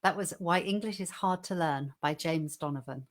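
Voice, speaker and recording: A woman with a lowish voice reads a comic poem in a measured, clear, rhythmic way. Between readings she chats easily with her co-host. She is heard over a video call. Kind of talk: poetry reading and casual chat.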